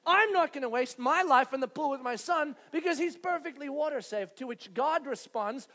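A man in his thirties, a pastor telling a family story in a sermon, acting out scenes with loud animated bursts. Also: very high-pitched, moderate pace.

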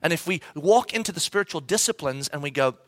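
A man's voice: fairly high pitch, fast, no echo, studio quality. A man in his thirties preaching a sermon, telling a funny family story and acting out his kids' voices. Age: 30s. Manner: animated, acts out voices of his kids. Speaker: pastor.

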